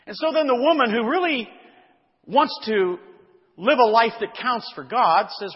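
A male pastor teaching an expository sermon, reading scripture aloud and explaining its words with deliberate care. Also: very high-pitched. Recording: dull lo-fi sound with long hall reverb.

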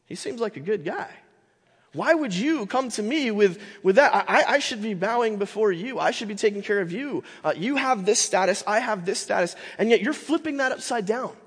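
A man's voice: high voice, expressive, moderate pace, breathy edge, long reverb tail, voice pushed up, heavily acted. A man voicing a bewildered young village girl who questions her visitor, in his own teaching voice. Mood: incredulous. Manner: incredulous, questioning.

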